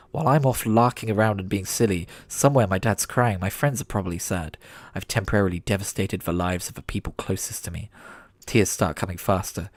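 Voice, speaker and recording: A man's voice: lowish voice, no room sound. A man reading his teenage fan fiction aloud as host, with wry, self-mocking asides. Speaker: channel host.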